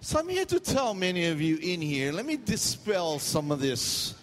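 A man's voice: high-pitched, huge pitch swings, moderate pace, big-room sound, slight background noise. A middle-aged man from Hawaii with a Hawaiian accent, preaching a sermon, telling stories with jokes and slipping into pidgin. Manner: storytelling, jokey, loose pidgin asides. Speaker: pastor.

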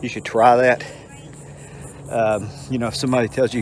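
A man's voice: medium pitch, level tone, moderate pace, pauses often, a little hiss or hum. Older man, mid-range voice, rambling, folksy storyteller walking outdoors. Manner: rambling, folksy, self-amused, lots of filler. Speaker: vlogger. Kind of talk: casual storytelling while walking. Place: outdoors in a park.

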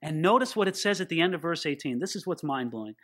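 A man's voice: on the high side, animated, quick pace, a bit bright. A man as a pastor teaching a sermon through a Bible passage, conversational and emphatic, with joking asides.

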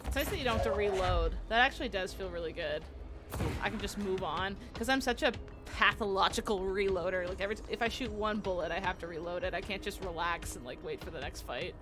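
A woman's voice: medium pitch, fast talker. Chatty, giggly woman streamer. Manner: chatty, giggly, reacts out loud. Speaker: game streamer. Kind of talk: casual live-stream commentary. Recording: music playing behind the voice.

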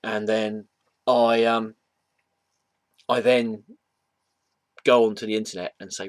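A man's voice: medium pitch, huge pitch swings, measured pace, pauses often, fairly bright tone, no room sound. A man chatting casually at home about comics, rambling with many fillers, restarts and self-deprecating asides. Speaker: comic book vlogger. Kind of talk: casual vlog chat. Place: home room.

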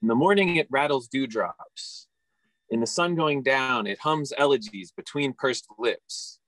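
A man reads his own poem aloud to a workshop over a video call. His mid-range voice is dry and close, and he takes each line in a measured, deliberate way. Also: medium pitch, a bit bright, no echo, low-quality recording. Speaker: workshop participant.

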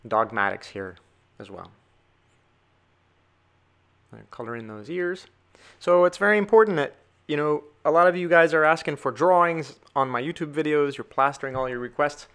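Gravelly-voiced man teaching drawing. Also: mid-range voice, a bit bright. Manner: chatty, talks to viewers while sketching. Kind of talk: drawing tutorial.

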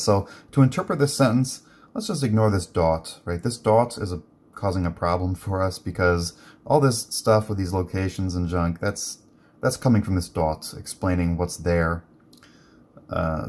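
A man with a fairly low voice leads a relaxed reading lesson for learners. He talks in a chatty, easygoing way with plenty of fillers, and he is an English speaker who reads German aloud. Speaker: German language teacher. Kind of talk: casual guided reading lesson.

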